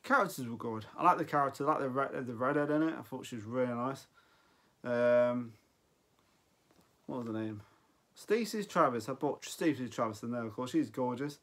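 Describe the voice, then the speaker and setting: A man's voice: medium pitch, normal speed, fairly bright tone. A man in his forties giving an off-the-cuff film review, rambling and often losing his thread mid-sentence. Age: 40s. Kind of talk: casual unscripted film review.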